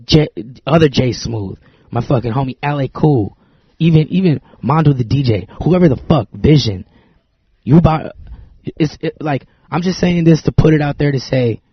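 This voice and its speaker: A man hosting a podcast in a loud, cussing, hyped-up way, full of shout-outs. His voice is a bit husky and the sound is dry and muffled, like a lo-fi home recording. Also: medium pitch, dry recording. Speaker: podcast host. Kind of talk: casual podcast chat.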